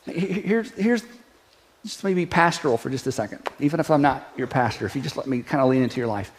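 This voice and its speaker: A man's voice: mid-range voice, fast talker. A middle-aged male pastor giving a conversational, joking sermon. He piles up rhetorical questions and leads the congregation in a spoken declaration.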